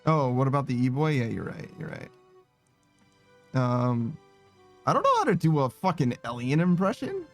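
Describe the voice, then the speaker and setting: A man giving casual, profane, excitable commentary while streaming a game. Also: mid-range voice, normal speed, pauses often, soft background music. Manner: profane, excitable, laughing asides.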